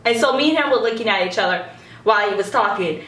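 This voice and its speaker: A young woman excitedly telling a story in a vlog, giggling and acting out what people said. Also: mid-range voice, fast talker, echoey room, distant mic. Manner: gushing, giggly, acts out quotes.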